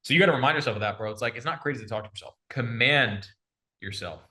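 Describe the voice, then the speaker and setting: Fast, bright-voiced young sales coach. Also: male voice, mid-range voice. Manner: energetic, slangy, says bro a lot. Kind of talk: casual coaching chat.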